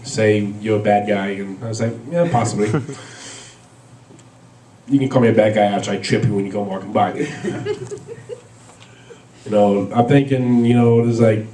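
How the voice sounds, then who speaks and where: A man's voice: fairly low pitch, fairly even intonation, normal speed, long pauses, dark tone, reverberant, recorded from a distance, a little hiss or hum, rough recording. A man doing a stand-up comedy set, rambling through stories with lots of fillers and laughs at his own jokes. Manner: rambling, filler-heavy storytelling with frequent laughs.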